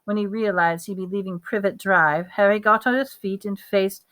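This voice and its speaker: A woman reading a novel aloud at a steady pace, with small slips and restarts. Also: medium pitch, moderate pace. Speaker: audiobook reader.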